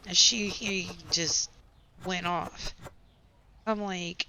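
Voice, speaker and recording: A woman, hoarse with her voice nearly gone, chatting and venting sarcastically while playing a game. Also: fairly low pitch, fairly even intonation, very slow, long pauses, sharp tone. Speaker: gaming channel host. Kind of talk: casual gameplay chat with storytelling. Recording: slightly dull home recording with faint background noise.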